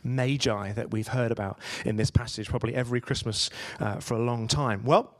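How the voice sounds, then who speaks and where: A man's voice: mid-range voice, fairly even intonation, brisk. A man giving a conversational sermon, telling stories and asking his listeners rhetorical questions. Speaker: preacher.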